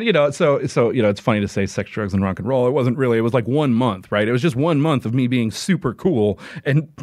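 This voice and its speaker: In a dry, clean studio recording, a mid-range male voice belongs to an interview guest talking casually. He rambles with many restarts and filler words, says "like" a lot, and laughs frequently.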